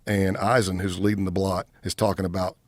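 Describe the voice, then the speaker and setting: A man in his fifties tells his story with a lively, storyteller's energy and acts out the other people's lines as he goes. His voice sits low. It is dry and close, with no room sound around it. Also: brisk, no echo. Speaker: retired undercover agent, podcast guest. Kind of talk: storytelling in a podcast interview.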